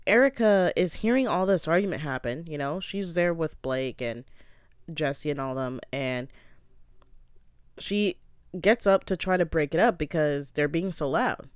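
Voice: mid-range voice, clean tone, dry recording, clean studio sound. A young adult giving a casual, opinionated recap of a reality show, talking bluntly and swearing freely.

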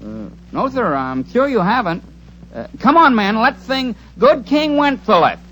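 A man's voice: very high-pitched, big pitch swings, measured pace, full character voice. An actor playing a lisping male crook disguised as a carol singer, with a muffled voice as if he has a cold, in 1940s radio acting style. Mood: falsely polite. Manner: smooth politeness turning to quiet menace.

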